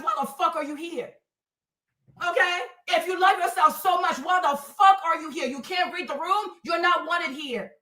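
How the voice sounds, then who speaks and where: A woman's voice: very high-pitched, pushed and bright. A woman streaming live, talking bluntly and profanely straight at her commenters. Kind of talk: ranting to chat. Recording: roomy, from a distance.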